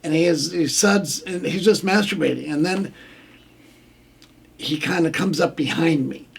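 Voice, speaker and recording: A man's voice: on the high side, unhurried, vocal fry, breathy edge. An older man, a former referee, telling a candid story on a radio show in a plainspoken way and acting out what others said. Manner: plainspoken, acts out quoted lines.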